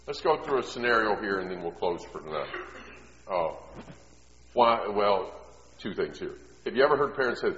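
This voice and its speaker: A middle-aged man delivers a sermon in a long, ringing hall, his voice slightly muffled and dull. He slips from easy storytelling into loud, emphatic preaching and back again. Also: on the low side, big pitch swings, normal speed, vocal fry. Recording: echoey hall, dull sound.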